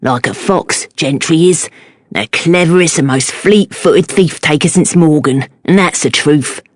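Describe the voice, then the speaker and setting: A woman's voice: sits low, unhurried, no echo. A woman voicing an apologetic, fawning male fishmonger with a Cockney accent, mumbling and eager to please in an audiobook. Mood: admiring.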